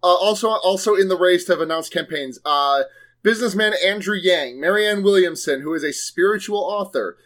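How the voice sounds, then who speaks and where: A man's voice: sits high, a little fast, a bit bright. A young man co-hosting a podcast in casual chat, rambling and swearing with plenty of filler words. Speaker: podcast co-host.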